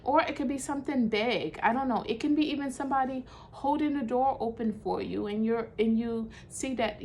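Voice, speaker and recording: A woman's voice: fairly high pitch, fairly quick, hardly any pauses, darkish tone, a little hiss or hum. A chatty woman giving spiritual guidance. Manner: loose, conversational, many fillers and self-corrections. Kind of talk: casual teaching monologue.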